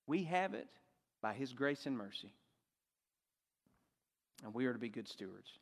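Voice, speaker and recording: A man's voice: mid-range voice, sing-song, unhurried, creaky, pauses often. Preaching man in a reverberant hall. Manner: preaching, rising and dropping for emphasis. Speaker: pastor. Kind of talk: sermon.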